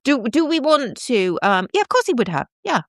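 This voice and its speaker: A woman's voice: a little high, very animated, moderate pace, dry recording, studio quality. A middle-aged woman, chatting in a bubbly, self-deprecating way to commenters on her live stream. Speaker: livestream host.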